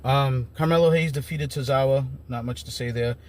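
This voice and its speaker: A man's voice: mid-range voice, normal speed, darkish tone. A man giving a casual, rambling recap of wrestling shows as an enthusiastic fan. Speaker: wrestling commentator.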